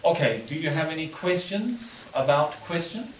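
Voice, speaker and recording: A man's voice: a little high, lively intonation, normal speed, a little hiss or hum. A male lecturer giving a classroom lecture with a patient, plain instructive delivery. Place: lecture room. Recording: echoey room from far off.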